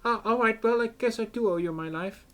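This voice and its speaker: A man's voice: sits high, fairly quick, a bit bright, soft background music, voice pushed up. A man voicing a young female idol who sounds earnest, nervous and full of questions, in a fan reading of game dialogue. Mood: anxious.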